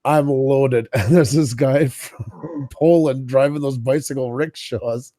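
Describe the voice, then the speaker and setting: A man's voice: mid-range voice, slow, warm tone, dry recording, clean studio sound. A man from Canada telling a long funny anecdote in casual chat, laughing often and acting out what people said. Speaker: podcast co-host.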